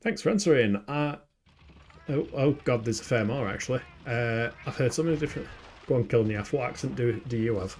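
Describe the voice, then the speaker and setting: A man's voice: medium pitch, a little fast, darkish tone, a little hiss or hum. A young man with a Yorkshire accent, chatting casually and swearing now and then while playing a video game live and answering his chat. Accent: Yorkshire English. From England. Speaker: game streamer.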